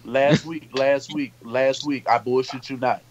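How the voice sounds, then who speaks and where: A male co-host on a casual sports talk stream, animated and loose, swearing freely. His voice sits mid-range. The audio is dull and lo-fi. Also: mid-range voice, a little slow, a loud crowd. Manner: animated, swears freely, repeats words when worked up.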